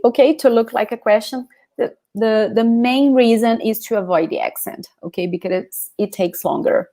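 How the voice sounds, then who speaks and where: A woman from Brazil with a Brazilian Portuguese accent, teaching a live online lesson, greeting viewers by name and explaining slowly. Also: a little high, darkish tone. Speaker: language teacher.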